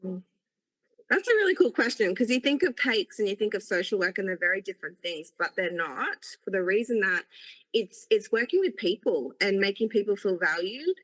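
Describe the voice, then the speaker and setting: A woman's voice: mid-range voice, lively intonation, normal speed, low-quality recording. A woman, a podcast guest speaking earnestly about her work and life. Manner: warm, earnest storytelling. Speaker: guest, cake maker. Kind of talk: conversational podcast interview.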